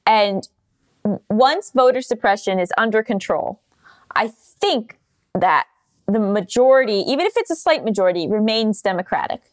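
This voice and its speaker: A woman's voice: mid-range voice, animated, normal speed. A woman co-hosting a podcast, talking earnestly and thinking aloud in a casual chat. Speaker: podcast co-host.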